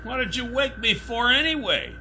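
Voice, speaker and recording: Man doing a high-voiced cheeky creature. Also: expressive, moderate pace, slight background noise, heavily acted. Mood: cocky. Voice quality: high, thin and bright. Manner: wisecracking. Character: cheeky shapeshifting male creature, small and brash.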